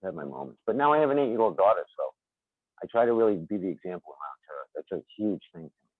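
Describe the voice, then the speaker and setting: A man's voice: low voice, lively intonation, fast talker, husky, dry recording. A man with a Boston accent, chatting as a podcast guest in a rambling, chuckling way. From Boston area, USA. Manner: rambling, chuckling, repeats himself. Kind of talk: casual chat. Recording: tinny phone-like call line.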